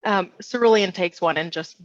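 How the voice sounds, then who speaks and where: A woman playing in a tabletop game, speaking deliberately and asking careful questions. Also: lowish voice, no echo. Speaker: player. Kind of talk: casual tabletop play. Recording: dull, dry lo-fi mic.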